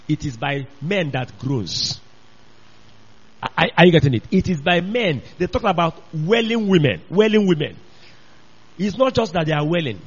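A man preaches with a husky voice that swings up and down. He hammers his points through repetition and keeps calling out to his listeners. The recording is dull and lo-fi. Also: high-pitched. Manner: emphatic, repetitive, calls out to listeners. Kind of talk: sermon.

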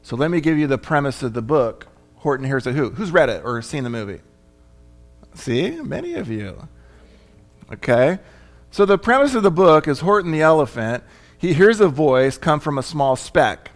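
A man's voice: fairly high pitch, very animated, moderate pace, faint music behind. A male pastor preaching a conversational sermon, often asking his congregation questions. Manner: chatty, asks the congregation questions.

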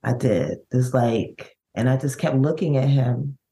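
A middle-aged woman, a bereaved mother, telling her story in an interview, with halting, vivid recounting and many restarts. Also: very deep voice, creaky, dark tone. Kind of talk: emotional personal storytelling.

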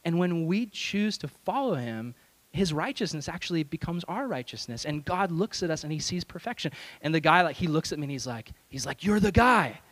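A young adult man, a youth pastor, telling a lively self-deprecating story in a sermon and acting out the voices. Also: fairly high pitch, fairly quick. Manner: animated, self-deprecating, acts out voices in stories.

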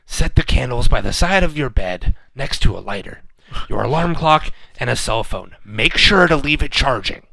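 A man voicing an ominous horror-story narrator, reading ritual steps slowly and darkly. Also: medium pitch, expressive, vocal fry, sharp tone, full character voice. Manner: slow, ominous, drawn-out delivery. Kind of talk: comedic creepypasta reading.

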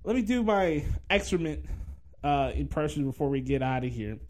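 A man's voice: a little high, lively intonation, normal speed, a little mellow. A man hosting a podcast, giving a blunt, profane, sarcastic wrestling commentary rant. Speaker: podcast host.

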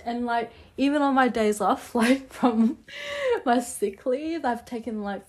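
A young woman hosting a casual podcast, chatty and rambling, her voice hoarse and nasal from a cold. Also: a little high, steady tone, a little slow, darkish tone. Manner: chatty, rambling, laughs often. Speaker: podcast host.

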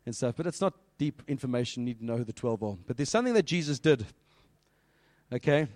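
A man giving a lively children's sermon, asking the listeners questions and quoting scripture. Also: mid-range voice, fast, no room sound. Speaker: pastor.

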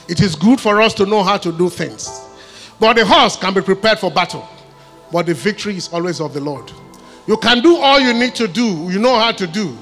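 High, bright-voiced male pastor preaching. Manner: emphatic preaching with call-and-response questions; laughs and jokes between points. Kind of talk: sermon. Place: church service.

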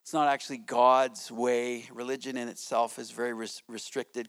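A man's voice: mid-range voice, normal speed, hardly any pauses, fairly bright tone. A middle-aged man, a pastor, preaching a sermon to his church in a conversational way, often checking in with "right?". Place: church sanctuary.

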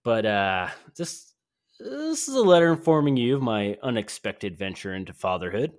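A man's voice: lowish voice, slow pace, no room sound, clean studio sound. A man voicing a regretful young man reading his letter home in a stilted, overly formal way, using a mock British surfer accent.

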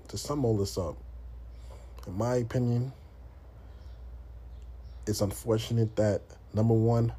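A man's voice: fairly low pitch, dark tone, breathy edge. A man from the United States hosting a podcast, talking in a blunt, profane, casual monologue full of restarts. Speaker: podcast host.

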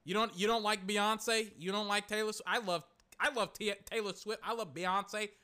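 A man chatting casually and excitably, rambling, swearing and exclaiming, his voice cracking. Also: high voice, moderate pace. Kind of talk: casual chat.

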